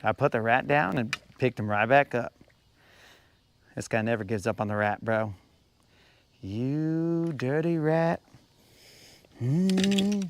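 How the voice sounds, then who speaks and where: A man's voice: lowish voice, moderate pace, gravelly, long pauses, a bit bright, slight background noise. A man streaming live from a boat on a lake, talking casually to his viewers while he fishes and often calling them "bro". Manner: laid-back, chatty, says "bro" often. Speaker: fishing streamer.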